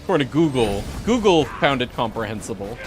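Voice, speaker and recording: A man's voice: medium pitch, big pitch swings, a little fast. A man streaming a video game, chatting casually with his viewers, reading their messages aloud and laughing often. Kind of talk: casual live-stream chat.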